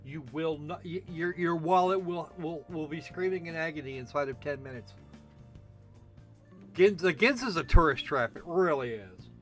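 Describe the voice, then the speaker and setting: A man's voice: on the high side, moderate pace, a bit bright, faint music behind. A man giving sarcastic commentary while playing a video game, often repeating words as he stumbles. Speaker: let's play host.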